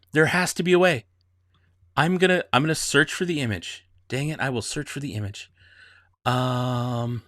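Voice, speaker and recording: A man's voice: a little high, a bit bright, no echo, clean studio sound. A man hosting a casual livestream, chatting with viewers, giggling and restarting often. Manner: giggly, rambling, restarts a lot. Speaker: livestream host. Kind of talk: casual live-stream chat.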